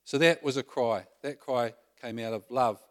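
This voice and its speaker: A man's voice: medium pitch, normal speed, fairly bright tone. Conversational man preaching a sermon. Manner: conversational, asks the congregation questions.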